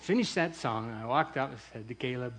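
Bright-voiced man telling a lively story. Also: medium pitch, quick pace. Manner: acts out quoted voices, laughs through the story. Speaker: churchgoer telling a testimony. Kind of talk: animated personal storytelling.

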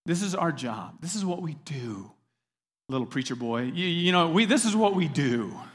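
A man acting out a weary, stubborn fisherman who answers gruffly and sarcastically. The voice is his own everyday voice, lightly coloured. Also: fairly high pitch, very animated, normal speed, a bit bright, long reverb tail. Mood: sarcastic.

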